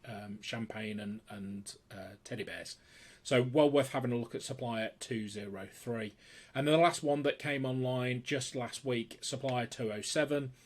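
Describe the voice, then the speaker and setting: A man casually presenting a weekly rundown of trending products, talking off the cuff with lots of fillers, restarts and an upbeat sales manner. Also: breathy edge. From United Kingdom. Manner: unscripted, many fillers and restarts, enthusiastic sales pitch.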